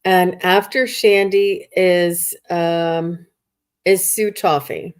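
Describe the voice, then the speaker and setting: A woman hosting a live psychic reading stream, softly reading out viewer questions and offering sympathy. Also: lowish voice, fairly even intonation, very slow, clear, resonant tone. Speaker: host, psychic medium.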